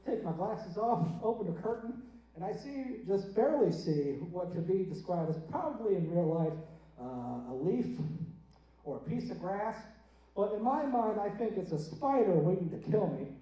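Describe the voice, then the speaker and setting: A young man doing a stand-up set in a theater, chatty and self-mocking, with quick asides to the crowd. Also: high voice, mellow. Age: young adult. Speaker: stand-up comedian. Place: theater stage. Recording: dull, echoey theater sound from a distance.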